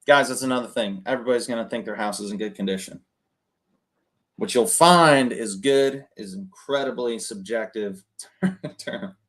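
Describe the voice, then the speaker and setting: A man casually coaching people on cold calling between phone calls, often tagging his points with a quick "right?". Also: mid-range voice, fairly bright tone. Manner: conversational, keeps adding "right?". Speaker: real estate wholesaling coach.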